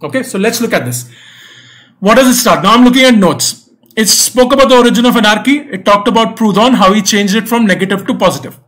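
A young man with a fairly high voice leads an online exam-prep class. He works through a reading passage patiently, repeating key points. He keeps checking that students follow along. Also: fast, fairly bright tone. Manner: patient, repetitive explaining with frequent "right?" and "okay?" checks.

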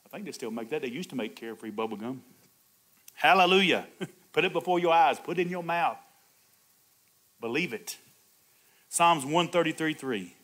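A male pastor preaching a sermon, swinging from loud, high exclamations to soft, low asides and chuckling between points. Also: animated, normal speed, long pauses. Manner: call-and-response preaching, laughs between points.

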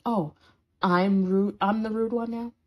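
A woman's voice: medium pitch, steady tone, measured pace, lo-fi sound, natural voice. A woman voicing a sarcastic, scolding horned demon in an audio role-play for a listener. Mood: mocking sarcasm. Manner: sarcastic, scolding, dramatic swings.

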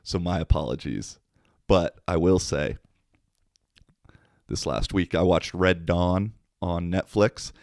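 A laid-back American man hosts his podcast, telling casual stories full of swearing. His voice is low and deep. The sound is dry and close, with no room echo. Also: slow, creaky, pauses often, a little mellow. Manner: profane, laid-back storyteller. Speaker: podcast host. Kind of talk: casual storytelling monologue.

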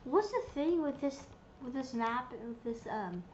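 A woman's voice: sits high, lively intonation, moderate pace, highs cut off, a little hiss or hum. A woman giving casual, playful commentary while she plays a video game, giggling and reading menu options aloud. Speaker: gameplay streamer.

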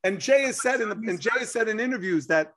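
A man, telling an animated story as an interview guest and acting out quotes. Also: sits high, fast. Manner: excitable, acts out quotes, laughs.

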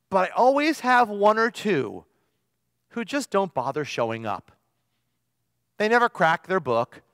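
A man's voice: high voice, a bit bright, dry recording, studio quality, long reverb tail. A male pastor preaching a sermon, telling stories with emphasis and stretching out the key phrases.

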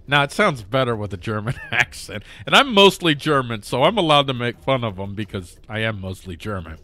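A man's voice: medium pitch, big pitch swings, fairly quick, hardly any pauses, sharp tone, dry recording. A man hosting a news commentary show, rambling and jokey with many restarts. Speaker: host.

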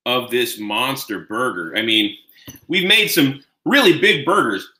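Bright-voiced man gushing on a live cooking stream. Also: medium pitch. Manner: chatty, rambling, talks to viewers and chat; gushing with excitement while tasting. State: eating while talking. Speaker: home cook streaming live. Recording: roomy, echoing room sound.

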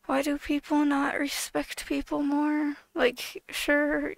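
A woman's voice: high voice, completely flat delivery, slow pace, creaky, dry recording, poor audio. A woman YouTuber ranting in a casual vlog, exasperated and swearing heavily, with lots of filler words.

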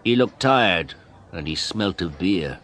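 Male story reader, low-pitched, slow deliberate narration. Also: expressive, fairly bright tone, slight background noise.

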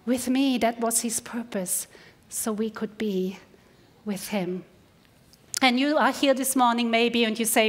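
A woman pastor preaching a sermon in church, earnest, slowing down to stress key words. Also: fairly high pitch, steady tone. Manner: earnest, slows down for emphasis. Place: church service.

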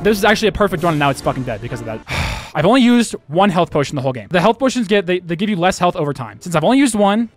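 A young man streaming a game live, talking excitedly to chat and swearing often. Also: high-pitched. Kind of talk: live gameplay commentary.

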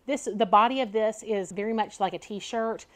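A woman's voice: mid-range voice, normal speed. A woman chatting casually at home while she unboxes and tries on clothes. She talks in a loose, chatty way, laughs often and fills her speech with "like" and "y'all". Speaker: fashion vlogger.

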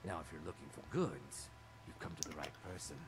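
An actor playing a sly, smooth-talking male lizard-folk fence in a video game. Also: a bass voice, brisk. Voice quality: smooth, sly, sniffing out guests. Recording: game audio with noise.

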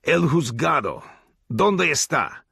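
A ruthless gang leader presses his demands in flat, blunt repetitions, his voice pushed a little higher and harder than the narration. A man reads him in an audiobook, husky and close in a dry recording. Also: takes it slowly, no room sound, full character voice. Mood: cold, demanding. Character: hard, menacing male gang leader.

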